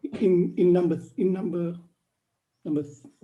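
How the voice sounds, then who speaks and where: A man's voice: high-pitched, steady tone, measured pace, narrow, tinny audio. A man, a student, asking his teacher a question politely and hesitantly, restarting his phrases.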